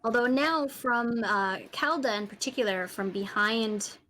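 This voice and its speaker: A woman's voice: a little high, unhurried, bright, forceful tone, slight background noise, poor audio. Giggly woman narrating as dungeon master. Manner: laughs often while narrating. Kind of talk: narrating a tabletop game.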